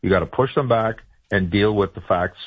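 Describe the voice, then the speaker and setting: A man's voice: fairly low pitch, moderate pace, breathy edge, dry recording, narrow, tinny audio. A man giving political advice in a radio interview, talking loosely with many fillers and restarts. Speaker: political strategist guest.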